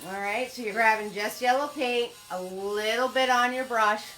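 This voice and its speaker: A woman's voice: on the high side, normal speed, fairly bright tone. A woman teaching a live painting lesson, chatting and greeting viewers by name with pet names like sweetie and hon. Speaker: painting instructor. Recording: echoey room with faint music.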